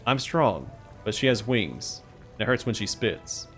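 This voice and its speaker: A man's voice: lowish voice, sing-song, unhurried, faint music behind. A man voicing a petulant female fecal demon queen who whines and boasts like a spoiled princess. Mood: petulant whining. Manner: whining, smug, self-pitying.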